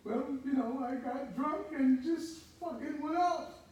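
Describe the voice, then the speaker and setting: A man's voice: extremely high pitch, measured pace, darkish tone, voice pushed up. A man voicing a big, tall fellow jail inmate who asks eager questions in a raised voice. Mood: sheepish. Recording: echoey room from far off.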